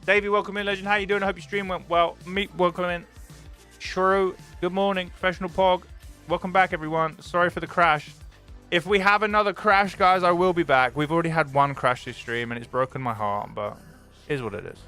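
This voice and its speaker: A young British man chatting casually on a stream, excitable and swearing freely, swinging between loud enthusiasm and mock gloom. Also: high-pitched, fairly quick, faint music behind.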